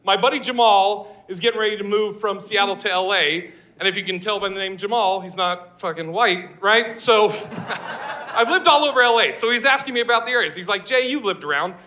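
A man doing a stand-up comedy set on a live stage, loud and brash, swearing and laughing at his own jokes. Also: high voice, fairly quick, slight background noise. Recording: live show with audience laughter.

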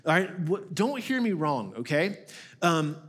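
High-voiced man preaching a lively sermon. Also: a little slow, slightly rough. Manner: storytelling, conversational, acts out quoted voices. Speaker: lead pastor.

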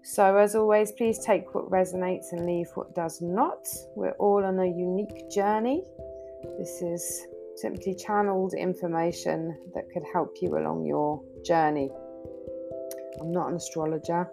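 A middle-aged woman with a gravelly, fry-tinged voice hosts a spiritual podcast over guitar music. She speaks softly and reassuringly, with sighs and little laughs between her thoughts. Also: on the low side, fairly even intonation, unhurried. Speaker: podcast host and channeler. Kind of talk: gentle spiritual podcast talk.

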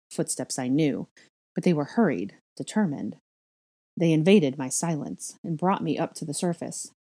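A woman reading a first-person story aloud in a measured, quiet way. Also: deep voice, breathy edge. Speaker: reader of a fan fiction story.

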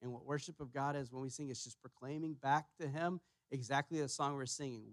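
A man preaching a sermon as pastor, emphatic, repeating his key phrases and pushing louder on each point. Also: medium pitch, a little fast, few pauses, no room sound. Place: church sanctuary.

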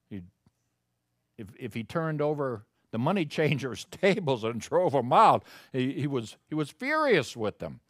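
A middle-aged male pastor preaching a sermon, emphatic, moving from quiet folksy asides to loud stressed scripture quotes. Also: medium pitch, no room sound, studio quality. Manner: folksy, self-deprecating asides.

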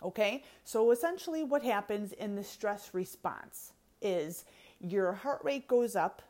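A woman coach teaches in a loose, chatty way, laughing easily and tossing in little check-ins as she goes. Her voice sits at an ordinary middle pitch for a woman. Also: unhurried. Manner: chatty, laughs often, animated with filler "okay"s. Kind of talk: teaching talk to an online audience.

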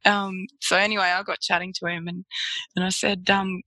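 Bright-voiced Australian woman telling stories. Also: medium pitch, little pitch movement, normal speed, no room sound, rough recording. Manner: chatty, laughs often while telling stories. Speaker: guest photographer. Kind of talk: casual storytelling interview.

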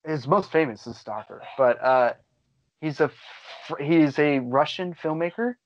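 A man co-hosting a podcast, chatting casually about movies in a rambling, excitable way and swearing freely. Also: a little high, measured pace, no room sound, dull audio. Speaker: podcast co-host. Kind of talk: casual chat.

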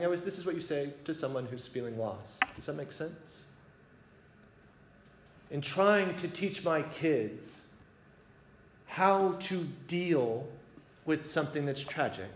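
A man sharing an earnest personal story with a gathering, talking conversationally and often checking whether his listeners follow. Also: fairly high pitch. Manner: conversational, asks listeners if it makes sense. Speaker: speaker sharing a reflection. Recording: echoey room with faint ambience.

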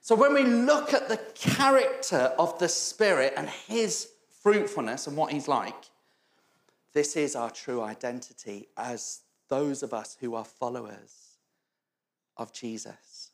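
A man's voice: a little high, animated, takes it slowly, gravelly. A man preaching a sermon, telling funny stories, acting out the voices of the people in them and laughing often. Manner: storytelling, acts out quoted voices, laughs often. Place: church hall. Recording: echoey church hall.

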